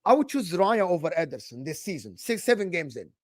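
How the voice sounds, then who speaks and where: High-pitched insistent man on a dry mic. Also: big pitch swings, a little mellow, no room sound. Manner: insistent, repeats questions, halting. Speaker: co-host. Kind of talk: live stream football debate.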